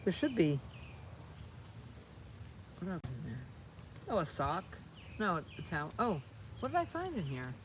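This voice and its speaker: A woman hosting a casual livestream on her phone while crafting, rambling and excitable, often breaking off mid-sentence. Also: lowish voice, a little slow, long pauses, slight background noise, low-quality recording. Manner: rambling, excitable, self-interrupting. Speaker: channel host.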